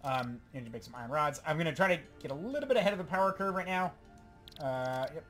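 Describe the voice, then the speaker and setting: Excitable man playing a game on stream. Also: on the high side, fast, soft background music. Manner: excitable, rambling, talks to himself. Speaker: let's play host. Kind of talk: casual gameplay commentary.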